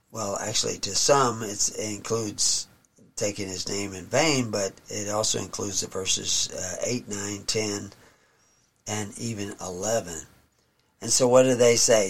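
A man teaching from the Bible, reading verses slowly and solemnly and then explaining them in plain talk. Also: mid-range voice.

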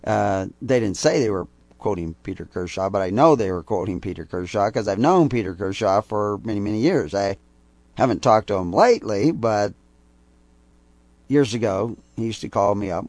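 A man's voice: fairly low pitch, a little mellow, dry recording. An older man giving a rambling sermon-style teaching talk, hitting key words with sudden emphasis. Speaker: preacher.

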